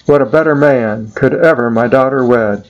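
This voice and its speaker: A wily older uncle, as a man reading a storybook poem puts him on, genial and coaxing with a sly edge. His voice sits at a middling pitch. The recording is a little dull and lo-fi. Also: normal speed, natural voice. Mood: welcoming. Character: scheming older male uncle, a wily herd owner.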